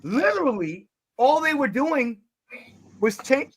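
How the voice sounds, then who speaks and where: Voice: sits high, sing-song, takes it slowly, rough recording. A host from Detroit in a casual streamed discussion, talking emphatically and trailing into fillers before pressing the point again. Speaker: podcast host.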